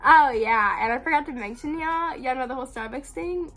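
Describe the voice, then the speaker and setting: A woman's voice: high-pitched, fairly quick, fairly bright tone. A young woman telling a story to her viewers in a casual, chatty way, with lots of "like" and "um". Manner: chatty, full of "like" and "um", laughs often.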